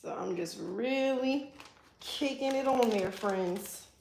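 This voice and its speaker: Woman, fairly high voice, joking and teasing, casual livestream chat, echoey salon room. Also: slow, creaky, a little mellow, a little hiss or hum. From East Coast of the US. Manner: playful teasing, joking with the chat, swears freely. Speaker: hairstylist livestreaming a color removal. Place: salon suite.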